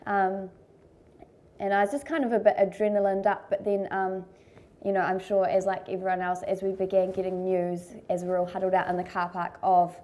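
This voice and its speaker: Mellow New Zealand woman, flat delivery. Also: medium pitch, a little fast. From Christchurch, New Zealand. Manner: hesitant, filler-heavy telling. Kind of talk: documentary interview recollection.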